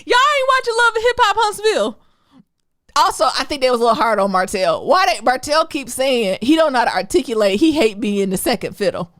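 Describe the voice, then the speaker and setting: A woman co-hosting a podcast, chatting casually about TV shows, animated and laughing often with quick asides. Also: high-pitched, no echo, clean studio sound. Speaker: podcast co-host.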